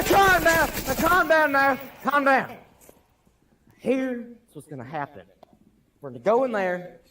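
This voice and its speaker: A man playing a rowdy squad leader with a drawl who keeps telling his men to calm down. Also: extremely high pitch, far from the mic, exaggerated voice.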